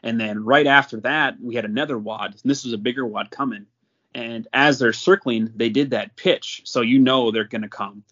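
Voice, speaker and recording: A man's voice: mid-range voice, normal speed, sharp tone. A young man from North Dakota, a podcast guest, telling a story casually and laughing often. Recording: slightly muffled lo-fi audio.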